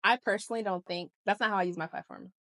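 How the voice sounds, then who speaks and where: This woman's voice is mid-range, a bit bright, and fast. As a podcast co-host she chats loosely about her job and life, laughing frequently and going on tangents, with no room sound present.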